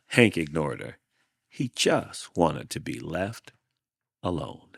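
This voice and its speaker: A man hosting a show, reading a children's storybook aloud in a deliberate, expressive way. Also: very deep voice, creaky, slightly rough, no echo, clean studio sound. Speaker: host reading a children's book.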